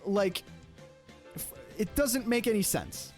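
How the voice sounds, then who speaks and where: A man spins a casual personal story in a lively voice that swings up and down. He swears freely and tosses in quick asides. Faint music plays beneath him. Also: high-pitched. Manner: animated, swears often, fast asides. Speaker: streamer telling a personal story.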